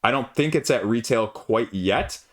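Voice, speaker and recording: A man's voice: mid-range voice, expressive, measured pace, fairly bright tone. A man hosting his own board game channel, chatting casually through an unboxing in a rambling way and correcting himself as he goes.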